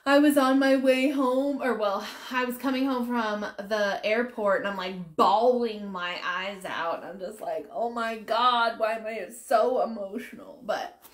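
A woman's voice: medium pitch, fairly bright tone. A woman chatting casually on a live stream from her office, emotional and close to tears, laughing as she talks. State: tearful, fighting back crying. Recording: echoey room.

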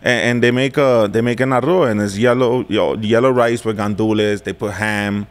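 Casual host: man, Puerto Rican New York accent, slangy and profane, quick to laugh. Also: lowish voice, fairly even intonation. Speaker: podcast host. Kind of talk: casual chat.

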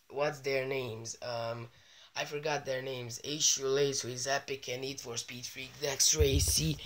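Jittery young man whispering in fear. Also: mid-range voice. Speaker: gaming channel host. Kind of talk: scared mobile horror let's play.

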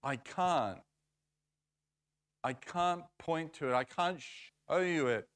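A man doing a baffled flat square creature. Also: fairly high pitch, takes it slowly, pitched above the performer's own voice. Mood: insistent. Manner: baffled, then insistent.

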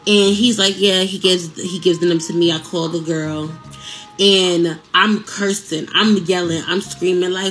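Lowish-voiced woman telling a story casually. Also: normal speed. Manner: animated, conversational, many fillers and asides to listeners. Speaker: podcast host telling a personal story.

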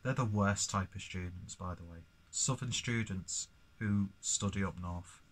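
A man talks through a beer review in a loose, rambling way. His voice sits a little low. He swears freely and keeps mocking his own tangents. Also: a little slow, breathy edge. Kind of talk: casual beer review vlog.

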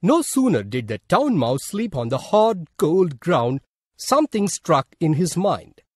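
A man with an Indian English accent tells a children's story slowly and expressively. His voice is somewhat husky and fairly high, recorded dry and close. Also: very animated, darkish tone, no echo. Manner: slow, deliberate storytelling. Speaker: narrator. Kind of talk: scripted storybook narration for a school lesson.

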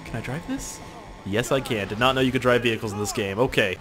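A young man giving let's play commentary, excitable and profane, yelling at the game. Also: medium pitch, fast, noisy background. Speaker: gaming youtuber.

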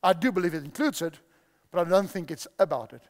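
This male preacher talks fast in a high-pitched, animated voice, repeating key phrases and quizzing the congregation during his sermon. He's in a large church hall, and the recording has a long hall reverb.

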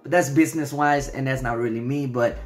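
A man from Denmark speaks English with an American-sounding accent at an ordinary middle pitch. He chats casually and earnestly as he reads viewer comments, thanking people again and again and drifting back to "so, yeah". A faint bed of music plays behind him. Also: fairly quick. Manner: earnest and affectionate, often falls back on "so, yeah". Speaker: channel host.

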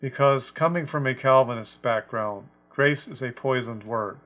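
A man teaching a scripture lesson about a translation, speaking deliberately and stressing quoted words. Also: medium pitch, a bit bright. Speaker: Bible teacher.

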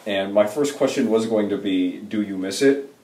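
A young man with a very deep voice speaks thoughtfully and with wry humor. He is recorded in a roomy space from a distant mic. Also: normal speed, warm tone. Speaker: interviewer, son of interviewee. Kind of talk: casual interview chat.

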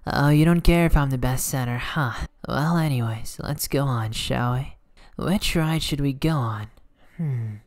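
A voice actor playing a cocky, teasing teenage boy volleyball setter in a soft, whispered role-play. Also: medium pitch, measured pace, lightly acted. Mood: playful. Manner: playful, teasing, soft-spoken. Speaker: ASMR voice actor.

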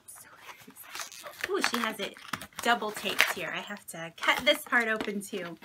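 A woman's voice: on the high side, noisy background. A woman from Indiana, a craft vlogger, gushing sentimentally through an unboxing, a little unwell and shaky. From Indiana, United States. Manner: gushing, sentimental, many delighted exclamations. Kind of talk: casual unboxing vlog.

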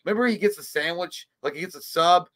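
A man's voice: sits high, quick pace, a bit bright. A man co-hosting a casual movie chat, joking and crude, rambling into long bits. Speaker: podcast co-host.

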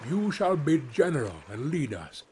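A rude, impatient bear from a storybook fable, read aloud by a man. His voice sits a little higher than a plain reading and lands hard. He sounds blunt and dismissive. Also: sing-song, moderate pace, warm tone, slight background noise. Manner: blunt and insulting.

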